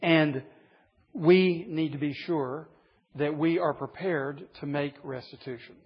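A man's voice: fairly high pitch, takes it slowly, husky. A man preaching a sermon to a group of men, earnest, pressing his points with rising emphasis. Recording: dull lo-fi recording in a reverberant hall.

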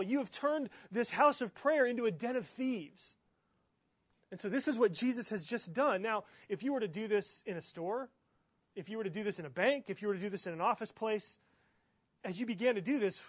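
A man's voice: high-pitched, no room sound. A male pastor preaching a sermon in a rhetorical style, often checking in with "right?" and "okay?".

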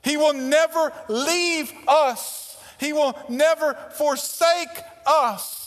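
A man preaching a sermon, swinging between forceful emphasis and hushed, intimate lines. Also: very high voice, slow pace, few pauses. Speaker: pastor. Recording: reverberant hall.

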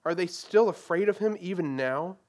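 A man's voice: high-pitched, normal speed, darkish tone, voice pushed up, natural voice. Man doing a sobbing young girl. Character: young girl, grief-stricken and indignant.

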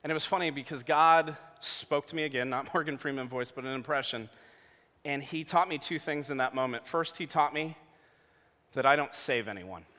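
A man in his thirties preaching a sermon, telling a personal story with jokey asides, going from hushed to loud. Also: on the high side, moderate pace. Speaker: pastor. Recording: long hall reverb.

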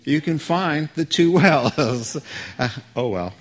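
A man's voice: a little high, expressive, slow pace, a little hiss or hum. A man preaching a sermon as a pastor, conversational and joking with the congregation.

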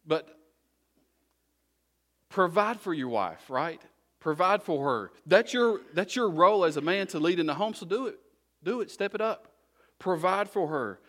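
A man's voice: high-pitched, lively intonation, unhurried, long pauses, a bit bright. A middle-aged man preaching a sermon as a pastor, talking conversationally and repeating short exhortations.

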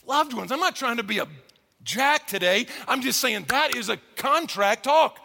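A middle-aged man preaching a sermon as pastor, animated and acting out quoted voices. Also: high-pitched, creaky, big-room sound.

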